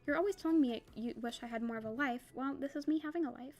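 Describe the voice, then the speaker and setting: An anxious, torn young heroine, read aloud by a woman pleads her case in a bright voice. The delivery is quick and earnest. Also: sits high. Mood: pleading.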